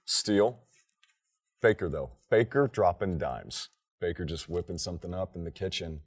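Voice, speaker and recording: Male podcast co-host, lowish voice, loud opinionated sports rants. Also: animated, normal speed, slightly rough. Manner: profane, emphatic ranting. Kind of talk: casual sports chat.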